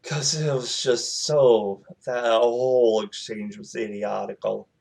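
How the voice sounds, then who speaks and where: Slow, rambling man telling a story. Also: medium pitch, steady tone, creaky, darkish tone. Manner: rambling, with many fillers and quoted dialogue. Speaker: channel host telling a personal story. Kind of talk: casual storytelling vlog.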